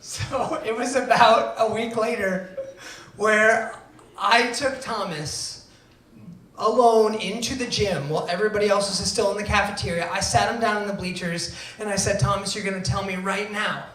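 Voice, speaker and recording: A man telling a true personal story to a live audience, acting out quoted lines and swinging between hushed and loud delivery. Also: high-pitched, normal speed. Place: event venue before an audience. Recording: roomy venue, voice from far off.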